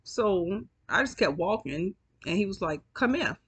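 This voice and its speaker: A sleepy storytime vlogger, yawning as she goes, tells her viewers a story in a chatty, profane, casual style. Her voice is lowish, a bit bright and slightly rough, animated but unhurried.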